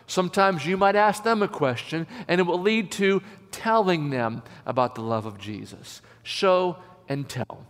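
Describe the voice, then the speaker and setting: Pastor guy giving a sermon, leans on key words, pretty high voice. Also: animated. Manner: emphatic, slows down to stress key phrases. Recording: long hall reverb.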